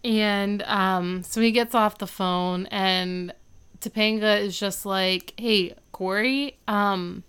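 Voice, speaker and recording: A woman recaps a sitcom episode with her co-host, laughing easily and gushing over the sweet moments. Her voice is smooth and clean at a middle pitch. She talks in a loose, casual way. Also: little pitch movement, slow pace, a bit bright. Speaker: podcast co-host.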